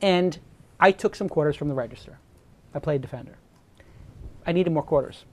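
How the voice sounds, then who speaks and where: A man's voice: fairly high pitch, normal speed. A man from New York hosting a talk show, telling a personal story in an earnest, emotional way with frequent restarts. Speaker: host. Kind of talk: casual chat.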